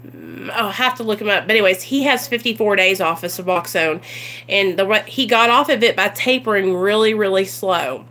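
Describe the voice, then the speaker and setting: A woman's voice: mid-range voice, moderate pace, sharp tone. A woman talking casually to her viewers on a livestream, earnest and rambling with plenty of ums and you-knows. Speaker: recovery vlogger.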